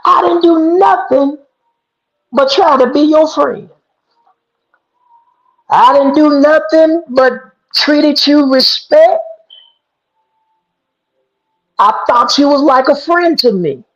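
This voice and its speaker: A high, anguished young girl pleads and cries out, hurt and bewildered, as a man puts her on while telling a folk tale. The sound is dull and lo-fi. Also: slow, pauses often, a bit bright, heavily acted. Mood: pained pleading.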